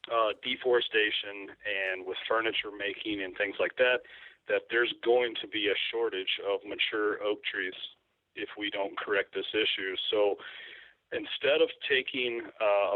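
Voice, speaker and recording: A man's voice: lowish voice, no room sound. A man with a Kentucky accent, a guest describing his work in an easygoing, rambling way. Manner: easygoing, rambling with frequent ums. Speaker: guest, turkey call maker. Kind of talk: casual interview talk. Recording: tinny dry phone line.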